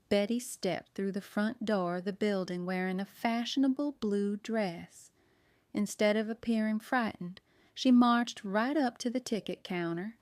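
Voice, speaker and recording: A woman reads a mystery audiobook aloud as the narrator, expressive and shaping a voice for every character. Her tone is smooth and clear at an ordinary middle pitch, recorded close and dry. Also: no echo. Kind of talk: scripted narration.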